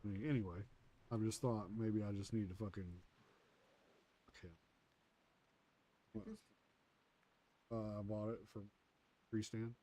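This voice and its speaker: A man's voice: fairly low pitch, fairly even intonation, a little slow, pauses often, warm tone. A man streaming a game from his home computer on a headset, rambling casually and swearing freely. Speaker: gaming streamer. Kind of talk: casual chat while playing a game.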